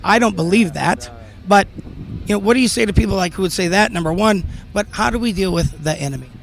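High gravelly male interviewer. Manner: halting, restarts questions. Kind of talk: faith interview, casual questions.

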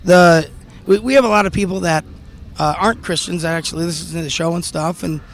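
A man interviewing a guest about faith, asking halting, restarting questions. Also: fairly high pitch, steady tone, slight background noise.

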